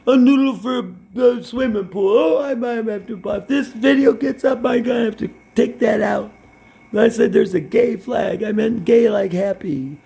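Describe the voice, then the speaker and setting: A man's voice: very high-pitched, normal speed, gravelly, few pauses, mellow, husky. A man from Brooklyn, rambling and swearing bluntly as he talks to his camera. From Brooklyn, New York. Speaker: vlogger.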